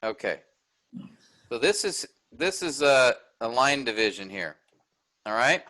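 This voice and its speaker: Guy teaching a class, crisp bright tone, keeps asking "all right?". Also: mid-range voice, big pitch swings, a little slow. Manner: explanatory, checks in with "all right?". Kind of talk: recorded lecture with screen sharing.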